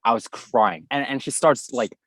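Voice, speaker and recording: A young man in his twenties telling a school story in a casual, animated way, playing out the voices of the people in it. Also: medium pitch, moderate pace, no echo. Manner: animated anecdote telling, acts out quoted voices. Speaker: guest YouTuber.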